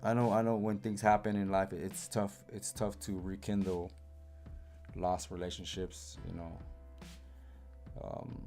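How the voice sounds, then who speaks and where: A man co-hosts a live stream in relaxed, casual chat, speaking reflectively and dropping "you know" often. His voice is very low. Faint music plays behind him. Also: measured pace, long pauses. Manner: laid-back, reflective, full of "you know".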